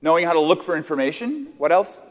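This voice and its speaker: A man's voice: a little high, big pitch swings, fast talker. An American man presenting at a teachers' conference in a casual, interactive way, repeating audience answers back and restarting sentences often. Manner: conversational, echoes audience answers, many restarts. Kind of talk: interactive workshop talk with teachers.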